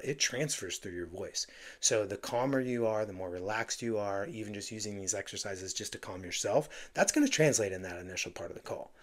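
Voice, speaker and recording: A man coaching real estate agents on phone sales, talking emphatically and acting out bits of phone calls. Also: fairly low pitch. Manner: emphatic, acts out phone calls with playful voices. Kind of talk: direct-to-camera sales coaching.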